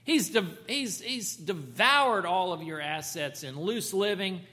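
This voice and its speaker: A sulking, indignant older brother bursts out in loud complaint, as a preacher puts him on. The voice is bright and high, jumping all over its range. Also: male voice, animated, takes it slowly, full character voice. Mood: resentful. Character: resentful older brother, young man, bitter.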